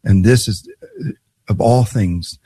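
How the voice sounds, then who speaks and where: Deep husky man, measured and explanatory. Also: mellow, no echo. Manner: measured, explanatory, with many affirming interjections. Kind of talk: casual Catholic podcast chat.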